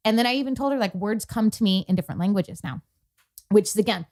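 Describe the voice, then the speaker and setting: A woman's voice: medium pitch, quick pace, a little mellow. A woman co-hosting a podcast, telling a personal story in casual chat and retelling past conversations with lots of fillers. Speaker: podcast co-host.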